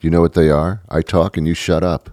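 A man's voice: deep voice, little pitch movement, fairly quick, darkish tone, soft background music. A man hosting a podcast, talking in a rambling, sarcastic comedic monologue that often stops and restarts. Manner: rambling, self-interrupting, sarcastic. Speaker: podcast host.

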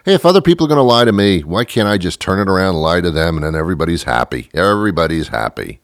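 Male podcast host, low voice, lively swings, sarcastic rambling rants, dry close sound. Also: racing, hardly any pauses, no room sound. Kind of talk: comedic monologue.

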